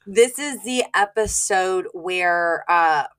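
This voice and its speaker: A woman's voice: lowish voice, slow. A woman co-hosting a podcast, chatting casually through an episode recap, laughing often and acting out the characters' lines. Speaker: podcast co-host.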